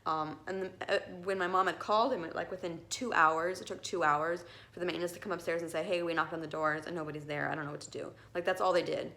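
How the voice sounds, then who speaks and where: A woman's voice: on the low side, fairly even intonation, fast, few pauses, fairly bright tone. A young woman casually telling a story to the camera, rambling and emotional with many restarts. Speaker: cat owner telling a story.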